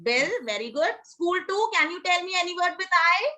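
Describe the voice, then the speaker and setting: A woman teaching a pronunciation class, her voice high and clear. She drills words for the students to repeat and swings her pitch up and down as she coaxes and checks in. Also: lively intonation, moderate pace, bright, forceful tone. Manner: coaxing, drills repetition, frequent "okay?" checks.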